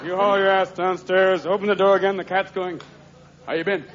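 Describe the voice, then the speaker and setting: A man doing a stand-up comedy routine on a live stage, talking fast and animated and jumping into character voices. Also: sits high. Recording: muffled live recording, crowd laughter and noise.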